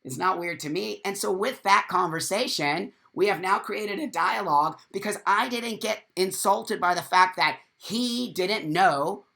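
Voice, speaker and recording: A man's voice: high-pitched, unhurried, vocal fry, few pauses, sharp tone. A man hosting a casual live stream, talking bluntly and swearing freely, and reading out viewer comments as he goes. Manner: reads viewer comments aloud.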